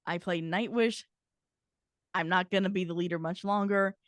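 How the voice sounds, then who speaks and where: A woman's voice: lowish voice, fairly even intonation, moderate pace, dry recording, studio quality. A woman giving a chatty, giggly self-introduction as a tabletop player and game master on a stream.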